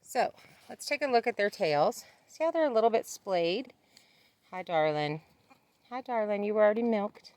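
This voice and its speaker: A woman's voice: medium pitch, lively intonation, moderate pace, a little mellow, no echo. A woman talking casually to her camera outdoors on a farm, chatting and talking to her animals in a sing-song voice. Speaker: homesteading vlogger. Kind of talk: casual vlog narration.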